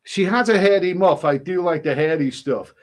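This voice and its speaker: A man's voice: high-pitched, normal speed. Rambling man reading chat. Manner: rambling, stumbles and repeats words. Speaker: livestreamer reading chat comments. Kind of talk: casual live-stream chat.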